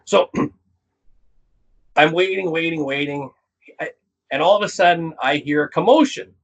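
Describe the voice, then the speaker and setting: Man, from canada, comedian guest, animated storyteller, breathy voice, higher pitch. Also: measured pace, lo-fi sound. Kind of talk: casual storytelling interview.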